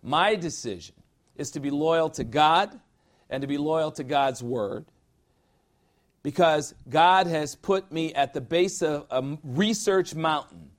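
A man's voice: a little high, animated, takes it slowly. A middle-aged man preaching a conversational sermon as pastor, informal and emphatic, repeating phrases for effect.

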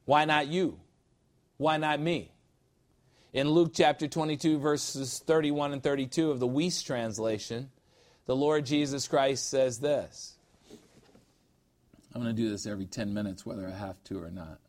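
A man teaching a sermon-style Bible lesson, reading scripture slowly and adding emphatic, jokey asides. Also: mid-range voice.

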